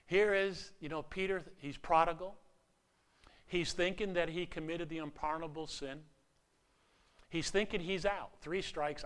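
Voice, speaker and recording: An older male preacher delivering a sermon with a bright, forceful voice pitched a little high. He talks conversationally and asks his listeners questions. He builds to emphatic peaks and then drops into hushed asides. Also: clean tone.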